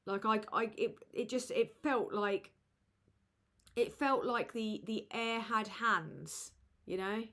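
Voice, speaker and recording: A woman hosting a live chat with viewers, rambling and halting with many fillers, tired and low. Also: a bit bright. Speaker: livestream host.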